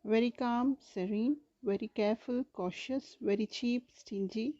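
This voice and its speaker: Woman, English teacher, warm voice, measured vocabulary reading, muffled recording. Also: a little high. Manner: steady, measured list reading.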